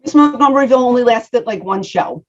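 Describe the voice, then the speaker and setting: A woman's voice: on the high side, expressive, fast. A middle-aged woman with a Philadelphia accent, a guest talking frankly and chatting over a video call. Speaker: guest, former wrestling personality. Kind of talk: casual interview chat. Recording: slightly dull lo-fi audio.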